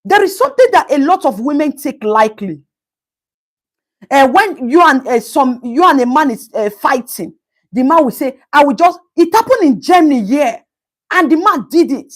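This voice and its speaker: Woman, high voice, very lively pitch, live-stream host, greets viewers by name. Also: normal speed. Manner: animated, greets viewers by name, Pidgin asides. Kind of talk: casual live-stream commentary.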